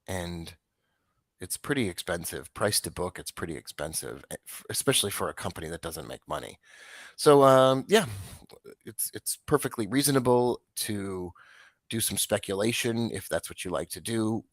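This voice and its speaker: A man hosting a casual stock market show, rambling and restarting as he talks through trades, with a dry, flat tone. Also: low voice, moderate pace, dry recording. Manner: rambling, self-interrupting, offhand.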